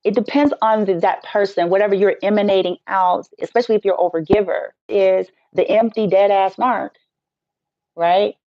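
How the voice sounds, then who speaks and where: A woman's voice: mid-range voice, steady tone, moderate pace, dry recording. A woman who works as a Reiki healer, talking in a casual live-stream rant that is blunt, profane and joking. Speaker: Reiki healer and spiritual teacher. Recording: dull, dry lo-fi sound.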